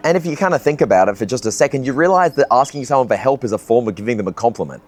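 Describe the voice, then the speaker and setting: Speaking to the camera in a vlog monologue, a young video essayist reflects in an earnest, casual way, swearing now and then. His medium-pitched voice has lively intonation, and he talks fast with hardly any pauses.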